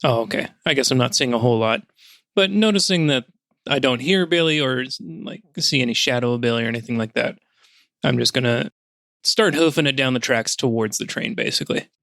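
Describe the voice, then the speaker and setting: A man playing a tabletop game, talking in a relaxed, tentative way. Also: mid-range voice, brisk, creaky, no echo, clean studio sound. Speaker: player. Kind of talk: casual chat.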